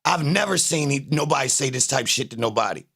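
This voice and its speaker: A man hosting a livestream, talking in a casual, animated, boastful way full of profane trash talk. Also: medium pitch, a little fast, vocal fry, husky. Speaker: livestream host.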